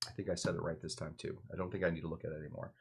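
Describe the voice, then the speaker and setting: A man with a low-pitched voice hosts a casual cocktail livestream from his home bar. He rambles through the recipe with constant "uh"s, asides and self-deprecating jokes, chatting to viewers as he works. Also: little pitch movement, racing, gravelly, slightly rough. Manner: rambling, filler-heavy, self-deprecating joking. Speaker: cocktail show host. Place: home bar in Los Angeles.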